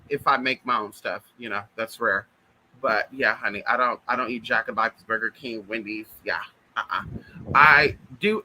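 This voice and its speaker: A man's voice: fairly high pitch, bright, forceful tone, slight background noise, rough recording. A man chatting casually to camera in a sassy way, swearing a lot and calling everyone girl and honey. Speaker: vlogger.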